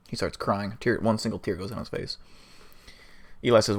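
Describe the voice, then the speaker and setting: A man's voice: lowish voice, fairly even intonation, fairly quick, pauses often. A man hosting a livestream, telling an improvised story in a casual, rambling way with fillers and swearing. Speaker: livestream host.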